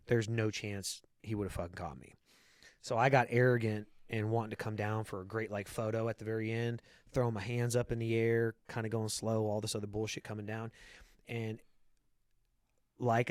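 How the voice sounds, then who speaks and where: A man's voice: lowish voice, fairly even intonation, moderate pace, no room sound, clean studio sound. A man hosting a podcast in casual chat, blunt and full of swearing, often repeating words as he starts a thought. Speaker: podcast host.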